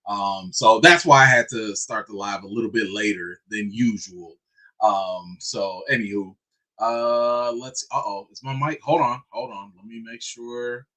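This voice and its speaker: A man hosting a live stream with three young daughters, talking in a relaxed, chatty way and greeting viewers one by one, in a casual voice. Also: on the low side, unhurried, no room sound. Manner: laid-back, chatty, greets viewers by name.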